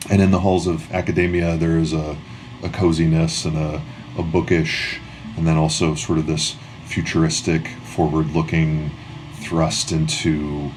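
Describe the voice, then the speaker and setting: A man's voice: a bass voice, flat delivery, normal speed, a little mellow, slight background noise. A man narrating a tabletop game as game master, rambling with many restarts and fillers.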